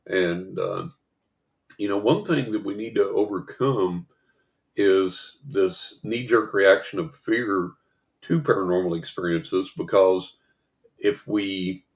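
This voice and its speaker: Older man telling a story. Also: low voice. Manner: lively storyteller who acts out the people in his anecdotes. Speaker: psychic guest. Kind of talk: storytelling in a podcast interview.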